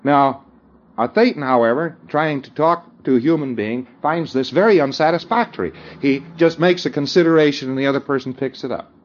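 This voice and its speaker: A man's voice: mid-range voice, a little fast. Man lecturing casually on dull old tape. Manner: informal, keeps checking in with listeners, chuckles often. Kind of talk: conversational lecture.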